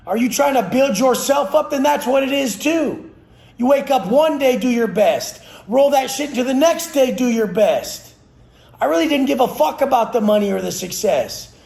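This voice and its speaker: At a moderate pace, a fitness trainer rants in an extremely high, creaky voice with a darkish tone. The motivational tirade is blunt and aggressive, preachy and laced with heavy swearing, captured in an echoey room.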